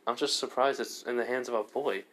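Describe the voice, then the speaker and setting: A man's voice: medium pitch, fairly even intonation, fairly quick, a bit bright, lightly acted. A man voicing a proud, disdainful female devil servant who speaks hesitantly.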